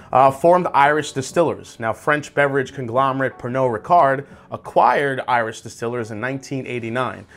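A man hosting a casual whiskey tasting review, describing tasting notes aloud in a relaxed, conversational way. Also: mid-range voice. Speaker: whiskey reviewer, channel host.

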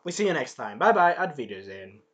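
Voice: mid-range voice, sing-song, fast, lo-fi sound. A reviewer giving a casual spoken episode review, rambling and swearing, with many fillers and restarts. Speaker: show reviewer.

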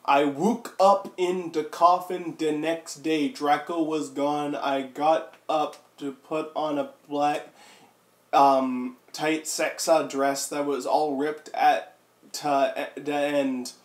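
A man's voice: a little high, flat delivery, slow pace. Man doing a hammy mock reading. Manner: over-the-top, flipping between silly voices and asides. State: sore throat from coughing. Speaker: comedic reader. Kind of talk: mock dramatic reading with friends. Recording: echoey room.

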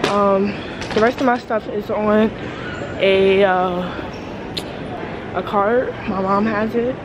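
A woman's voice: mid-range voice, steady tone, takes it slowly. A young woman vlogging on a trip, chatting straight to her viewers in a slangy, easygoing way while holding a camera. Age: young adult. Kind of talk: casual vlog chat. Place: travelling through an airport, plane and hotel room. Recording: noisy background.

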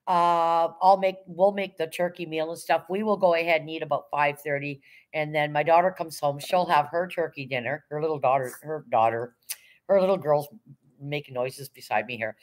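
A middle-aged woman from Canada hosting a casual live stream, chatting and greeting viewers by name in a rambling, friendly way. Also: sits low. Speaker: livestream host.

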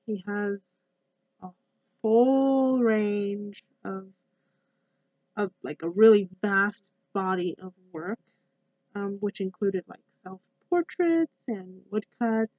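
A young woman presents a class project, speaking slowly, with a voice roughened by a recent cough. She hesitates often, with ums and restarts along the way. She is recorded on a laptop's built-in mic, so the sound is dry and dull. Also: medium pitch, expressive, no room sound. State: croaky from a cough. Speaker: college student presenter. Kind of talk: class presentation with poem reading.

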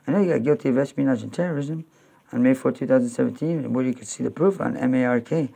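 Gravelly husky guy from new york, rambling on and on, repeats himself, keeps jumping up into loud high pleading. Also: fast. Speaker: video blogger. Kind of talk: rambling talk to camera.

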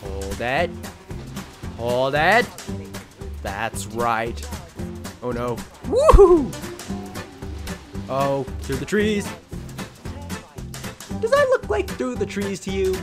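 Young male gamer, high voice, wildly lively, unhurried, faint music under his commentary. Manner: excitable, jokey, shouts at the game. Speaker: gaming channel host. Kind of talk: let's-play commentary. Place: his room at home.

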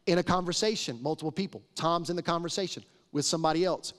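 A middle-aged male pastor with a slightly raised speaking pitch preaches a conversational, emphatic sermon, often slipping into short stories. His voice carries a long reverb tail from a large church sanctuary, picked up on a live preaching mic. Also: quick pace, hardly any pauses, a bit bright.

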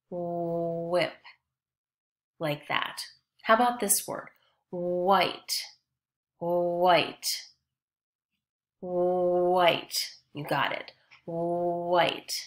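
A woman teaching young children phonics, repeating each word slowly and encouraging them. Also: medium pitch. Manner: slow, drawn-out word repetition with encouraging prompts. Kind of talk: early-grade phonics lesson.

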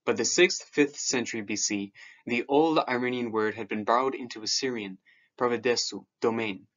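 A man's voice: mid-range voice, normal speed, fairly bright tone, lo-fi sound. A man giving a video lecture on scripture, talking in a hesitant way with fillers and restarts.

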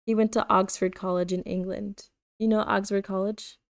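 Female reader giving a sentimental old gangster, gravelly, flat delivery. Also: medium pitch, moderate pace, dry recording, studio quality, natural voice. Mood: gloomy. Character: gloomy older male gangster, sentimental.

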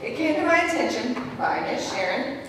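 Lively teacher lady telling kid stories, voice up and down a lot, big echoey hall, heard from far back. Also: a little high, normal speed. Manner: animated storytelling, acting out children's lines. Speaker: preschool teacher. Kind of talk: speech at a school program. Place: large hall at an evening event. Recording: echoey hall from far off, faint room noise.

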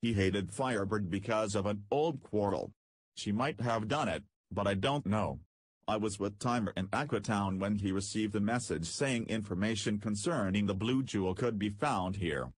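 A man reads a steady older spaceman who speaks plainly and matter-of-factly. The voice is low and husky, with a dry, close sound. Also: moderate pace, no echo. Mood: sober.

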